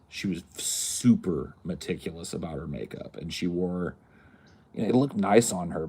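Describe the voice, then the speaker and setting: A man's voice: low voice, dark tone, breathy edge. A man hosting a podcast, telling a casual, rambling story and laughing along as he goes. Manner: rambling, laughing at his own stories. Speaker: podcast host.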